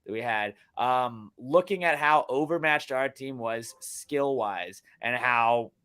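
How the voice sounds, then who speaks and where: A young man on a casual sports podcast, venting in a heated, profane rant. His pitch sits in an ordinary middle range. He flips between shouted outbursts and grumbled asides. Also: slow, smooth. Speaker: podcast co-host.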